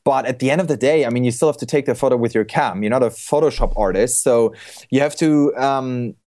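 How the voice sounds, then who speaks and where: A man's voice: mid-range voice, fairly quick, a little mellow. A young man talking casually on a podcast about photography, loose and rambling, with lots of restarts and fillers.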